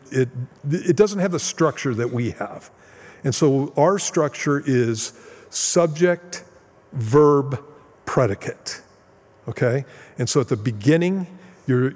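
A man's voice: mid-range voice, a little mellow, long reverb tail. A man preaching a sermon as pastor, explaining Bible verses with plain, casual asides.

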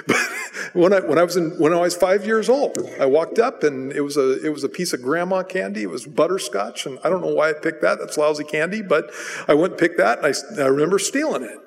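A pastor giving a sermon in a conversational, storytelling way, with self-deprecating asides. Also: male voice, a little high. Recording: long hall reverb.

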